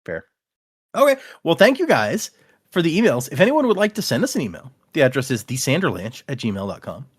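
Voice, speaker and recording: A man's voice: medium pitch, wildly swooping pitch, brisk, husky, dry recording, clean studio sound. A man hosting a casual podcast, reading listener emails aloud and laughing easily. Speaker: podcast host.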